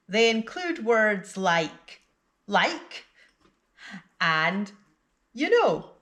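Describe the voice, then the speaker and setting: A woman teaching an English lesson in a slow, deliberate scripted delivery, with exaggerated intonation in her example sentences. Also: fairly low pitch, fairly bright tone.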